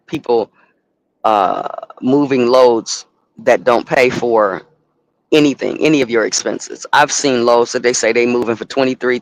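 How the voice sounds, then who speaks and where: A man who owns a trucking company, telling a profane, animated story and acting out both sides of a phone call. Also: medium pitch. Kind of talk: casual storytelling to a live audience.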